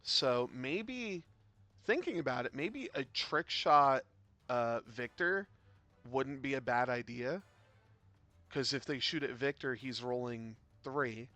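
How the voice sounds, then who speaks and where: A man casually commentating a tabletop game, rambling and chatty, breaking into sudden loud excited bursts. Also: mid-range voice, takes it slowly, no echo, soft background music. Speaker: game caster.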